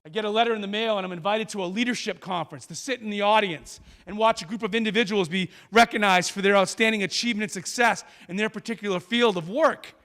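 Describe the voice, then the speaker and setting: Animated storyteller man, high-pitched. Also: quick pace, hardly any pauses, in a large hall. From New Hampshire. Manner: animated, acts out every character. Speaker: guest speaker. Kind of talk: motivational storytelling speech.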